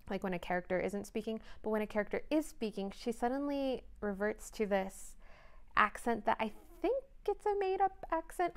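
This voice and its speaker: Young woman book vlogger, casual and chatty, hedges often; smooth, clear tone at a mid pitch. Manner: chatty, thinking aloud with frequent hedges. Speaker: book reviewer. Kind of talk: casual vlog chat.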